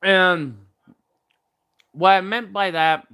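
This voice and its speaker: A man's voice: sits high, steady tone, drawn-out words, pushed and bright, smooth. A young man chatting casually while tasting snacks, rambling with many fillers and talking with his mouth full. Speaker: vlogger.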